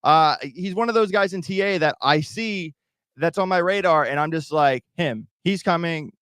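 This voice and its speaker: A man's voice: high voice, normal speed, a bit bright, clean tone, no room sound, studio quality. Rambling man on a crypto livestream. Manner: rambling, repeats himself, talks to chat. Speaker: crypto YouTube host. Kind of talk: casual livestream commentary.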